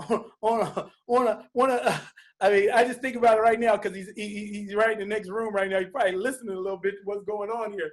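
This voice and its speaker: A middle-aged man giving an emotional personal testimony about being a father, talking in a heartfelt, halting way with many restarts and repeated phrases. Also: sits high, steady tone.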